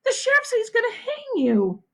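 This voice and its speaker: A woman voicing a young female schoolteacher who is frantic and defiant, speaking high, breathless and pleading. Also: huge pitch swings, moderate pace, exaggerated voice.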